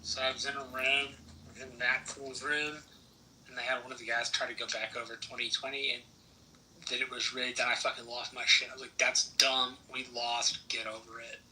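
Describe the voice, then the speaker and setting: A man's voice: medium pitch, little pitch movement, fairly quick, sharp tone. Man in casual chat, blunt and irritated manner, recorded from a distance with faint hiss. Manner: blunt, frustrated, swears.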